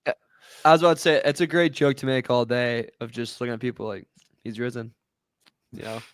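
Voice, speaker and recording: A man's voice: medium pitch, quick pace, smooth, dry recording. A man co-hosting a podcast, chatting casually and joking with his co-host.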